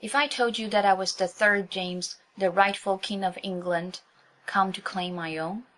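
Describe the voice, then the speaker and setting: A gallant masked highwayman speaks with easy command and a mocking charm, put on by a woman reading a storybook aloud. He is a bold rogue but gentle at heart. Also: fairly even intonation, normal speed, lightly acted, rough recording. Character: dashing gallant male highwayman, bold and teasing.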